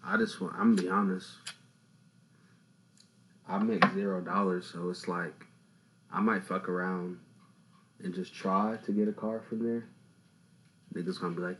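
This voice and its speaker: A young man hosting a casual podcast, telling stories in an animated, slangy way. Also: low voice, normal speed, pauses often, low-quality recording. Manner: animated, slangy storytelling with loud laughing outbursts. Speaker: podcast host.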